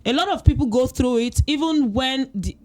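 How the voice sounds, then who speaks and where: A woman's voice: high voice, normal speed, darkish tone. A woman hosting a podcast in a studio, chatting casually, laughing easily and slipping in pidgin phrases. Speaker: podcast host.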